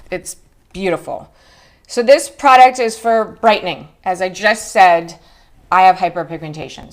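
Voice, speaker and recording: A woman in her forties hosting a live skincare chat, talking in an emotional, chatty way, her voice jumping high when she greets viewers. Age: 40s. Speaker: beauty show host.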